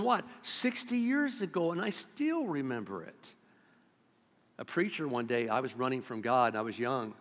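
A man in his seventies preaching a sermon as pastor, swinging between loud exclamations and hushed low-key talk. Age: 70s. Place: church sanctuary. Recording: long reverb of a church hall.

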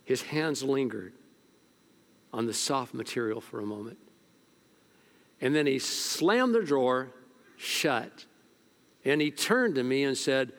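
A male pastor preaching a sermon at a church service, telling stories, sometimes hushed and sometimes loud. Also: mid-range voice, animated, slow pace, long pauses.

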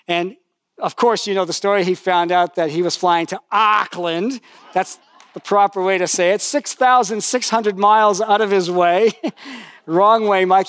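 Older male preacher, high-pitched and chatty, dry close-miked sound, storytelling sermon with humor. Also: moderate pace, a bit bright, no room sound. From lived in New Zealand for decades.

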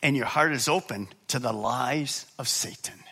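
A middle-aged man preaching a sermon as pastor, moving between quiet low asides and loud, high preaching, and asking the congregation questions he then answers himself. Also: normal speed, husky.

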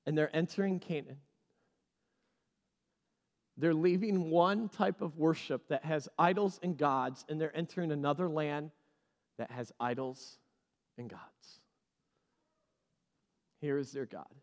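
Animated preacher man in an echoey hall. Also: on the high side, measured pace, pauses often. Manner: animated, repeats key phrases for emphasis. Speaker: pastor. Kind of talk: sermon.

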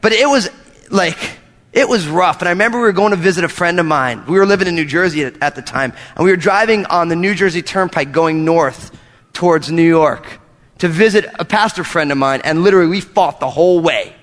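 A male pastor preaching a sermon in a church, an animated storyteller who jokes with his congregation. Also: a little high, brisk, long reverb tail. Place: church hall.

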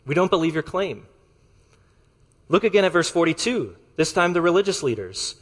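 A male pastor delivers a sermon in a measured, deliberate manner, slowing to lean on key words. His voice sits a little high for a man. The sound carries the long reverb of a large church hall. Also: very animated. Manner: measured, deliberate preaching with slowed emphasis.

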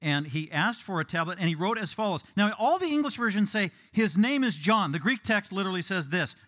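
A male pastor preaching through scripture with a somewhat high voice. He is emphatic and animated. He breaks into quick, joking asides to his listeners. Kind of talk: expository sermon.

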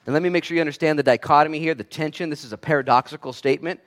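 A man preaching a sermon as pastor, swinging between quiet and loud delivery and acting out the voices he quotes. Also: on the high side, racing, hardly any pauses.

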